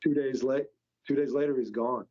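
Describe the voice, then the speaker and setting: A man's voice: medium pitch, fairly even intonation, normal speed, mellow. A man, a company founder, telling stories as a podcast guest in a rambling, stop-start way. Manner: rambling, with many restarts. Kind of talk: casual storytelling. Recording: dull lo-fi podcast audio.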